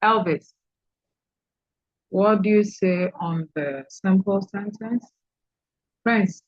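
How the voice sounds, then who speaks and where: A woman's voice: medium pitch, takes it slowly, no echo, muffled recording. A woman lecturer teaching an online class, calling on students and repeating key points to stress them.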